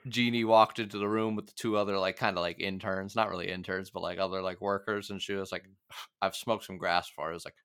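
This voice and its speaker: Low-voiced chatty man, smooth and dry. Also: little pitch movement, fairly bright tone, no echo. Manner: chatty, laughing, quick asides. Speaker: podcast co-host. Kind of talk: casual podcast chat.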